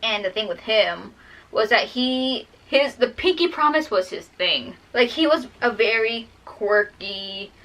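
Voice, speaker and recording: A woman's voice: fairly high pitch, animated, a little slow, a bit bright, rough recording. A young woman vlogger telling a personal story while drawing, fighting back tears and rambling with many fillers.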